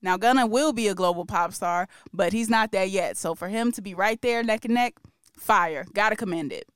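Podcast lady just chatting, laughs a lot, smooth voice, dry sound. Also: mid-range voice, normal speed, no echo. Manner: chatty, laughs often, playful with impressions. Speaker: podcast co-host. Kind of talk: casual chat.

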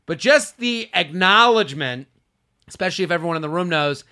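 Bright clear-voiced male podcast host. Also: brisk. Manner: animated storytelling, drops low and quiet for asides. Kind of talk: casual comedic chat.

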